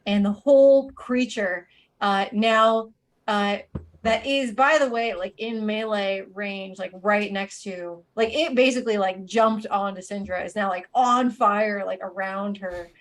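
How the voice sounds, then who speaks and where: A woman's voice: medium pitch, a little slow. A woman narrating as game master of a tabletop game, talking loosely with many fillers. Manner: rambling, filler-heavy narration. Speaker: dungeon master.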